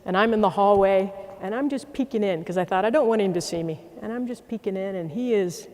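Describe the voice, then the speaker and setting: A middle-aged man leads a closing address from a stage. His fairly high voice carries a long hall reverb as he tells an animated story. He builds to firm, repeated rallying phrases. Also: a little fast. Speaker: military commander giving a closing address. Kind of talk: speech with storytelling.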